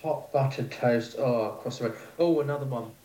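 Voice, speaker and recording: A man's voice: mid-range voice, a little fast, mellow. Male chef, guest chat; hesitant, laughing, recorded in an echoey room. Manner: rambling, hesitant, laughs easily. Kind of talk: casual interview chat. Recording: echoey room with faint noise.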